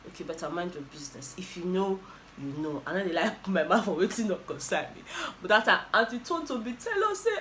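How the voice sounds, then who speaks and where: Bright animated Nigerian woman vlogger. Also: fairly low pitch, quick pace, a little hiss or hum. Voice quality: animated, exclamatory storytelling that switches between English and Pidgin. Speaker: YouTuber host. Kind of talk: casual reality-show recap vlog.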